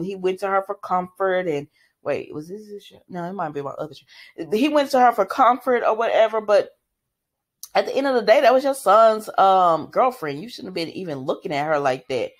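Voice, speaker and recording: A woman casually recapping a soap opera, laughing often and acting out the characters' lines. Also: medium pitch. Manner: animated, laughing, acts out quoted lines.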